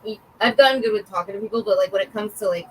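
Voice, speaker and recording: A woman's voice: mid-range voice, very fast, fairly bright tone, distant mic, a little hiss or hum, poor audio. A shy woman co-hosting a podcast, chatting casually in short, giggly remarks. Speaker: podcast co-host. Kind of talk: casual chat.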